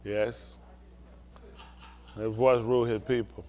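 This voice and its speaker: A man's voice: mid-range voice, level tone, takes it slowly, dark tone. A man preaching as a pastor, teaching scripture and often asking the listeners if they follow. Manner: keeps checking the listeners understand. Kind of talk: bible teaching with call-and-response.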